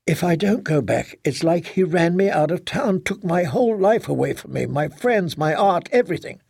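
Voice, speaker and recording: A scared young woman begs in a raised, trembling voice, as a man reading an audiobook puts her on. A gravelly grain shows under the lifted pitch. The recording is close and dry. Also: animated, moderate pace, darkish tone, dry recording, full character voice. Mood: determined. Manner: pleading, tremulous. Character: frightened young woman, a grown daughter. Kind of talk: audiobook character voice.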